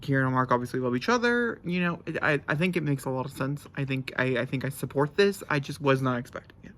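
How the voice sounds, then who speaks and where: A young man chatting casually to camera about a book he is reading, excitable and rambling, with sudden jumps up into high squeals. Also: fast, a little hiss or hum. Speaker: book reviewer. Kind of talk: casual book vlog chat.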